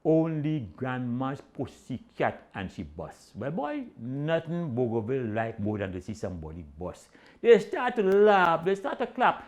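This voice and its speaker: Lively Trinidadian male storyteller. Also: medium pitch, moderate pace. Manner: animated Caribbean-dialect storytelling with voiced quotes. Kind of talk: comic storytelling.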